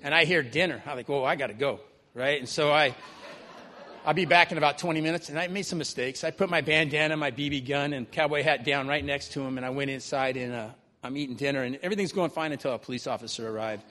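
Fast and sharp-toned, with a fairly high pitch, a man relates a personal story to people gathered live, repeatedly tacking on "right?" in a conversational way. There's a little hiss or hum and the long reverb of a large hall.

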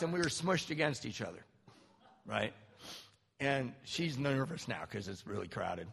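A middle-aged man giving a personal recovery testimony, animated storytelling with acted-out quotes. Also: medium pitch, normal speed, gravelly, slight background noise. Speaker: speaker sharing a recovery story. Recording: long hall reverb.

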